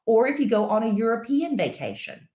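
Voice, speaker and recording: A woman's voice: on the high side, sing-song, fairly quick, warm tone. A middle-aged woman co-hosting a podcast, chatting casually and teasing her co-host in a playful way. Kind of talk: casual chat. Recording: roomy echo.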